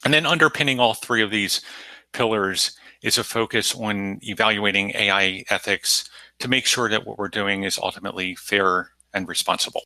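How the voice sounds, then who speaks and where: Man, interview guest; low, bright, dry-miked voice, methodical and orderly in his answers. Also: dry recording, low-quality recording. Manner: measured, methodical, lays points out in numbered pillars. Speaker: guest, technology lead at an aid organization.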